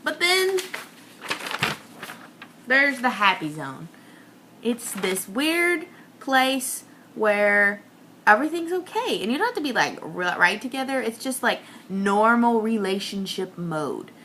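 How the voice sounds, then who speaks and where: Young woman, comic monologue, ranting and self-mocking, bright tense voice, faint noise behind. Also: very animated, slow. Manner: ranting, self-mocking, swings between whispers and high outbursts.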